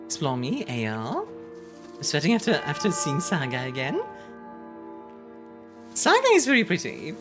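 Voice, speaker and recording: Young woman, streamer, low pitch, hugely expressive, laughs often, rambling chat-facing asides. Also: moderate pace, long pauses, over music. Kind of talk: casual live-stream game commentary.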